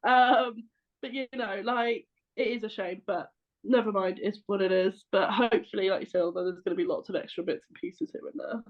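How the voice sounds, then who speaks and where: Relaxed chatty woman on a panel, mid pitch, dull muffled recording. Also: brisk. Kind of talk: casual discussion.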